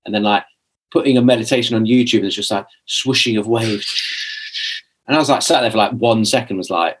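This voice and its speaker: Brisk and low-leaning with a breathy edge, a young man's voice carries a rambling personal story during a casual podcast appearance. He's talkative, full of restarts and "like" fillers, and performs the things he said at the time.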